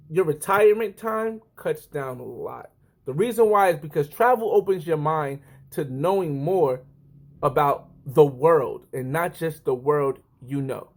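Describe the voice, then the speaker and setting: A man in his thirties talking casually to the camera, rambling and often correcting himself. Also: sits high. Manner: rambling, self-correcting, lively. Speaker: vlogger.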